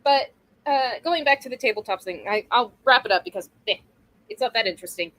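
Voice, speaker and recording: A woman's voice: on the high side, animated, fairly quick, fairly bright tone, poor audio. A woman in her mid-thirties talking casually as an interview guest, rambling, laughing often and swearing freely. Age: 30s. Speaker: guest streamer.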